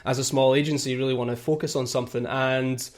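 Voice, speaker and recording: A Scottish man speaking as a guest on a podcast, chatting in a relaxed way, with many fillers and the odd laugh. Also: mid-range voice, fast. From Scotland. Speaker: guest, content marketing teacher. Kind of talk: casual podcast interview.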